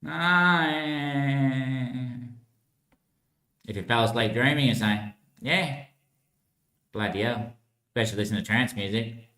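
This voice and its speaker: A man's voice: mid-range voice, slow, long pauses, sharp tone, reverberant. A man giving a rambling, surreal monologue. He swears a lot, drops "mate" into almost every line and laughs between thoughts. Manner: swearing, says "mate" constantly.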